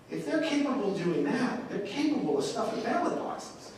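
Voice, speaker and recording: A man with a very high, darkish voice speaks as a congressman at a town hall in a courthouse meeting room, fairly quick, with big pitch swings and few pauses. He's punchy, folksy, and full of jokes, heard from afar in an echoey live room with slight hiss or hum.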